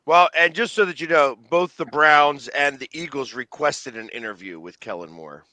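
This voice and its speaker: Wry sports co-host, dry close sound. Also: male voice, a little high, expressive, normal speed, sharp tone, dry recording. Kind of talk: casual sports debate.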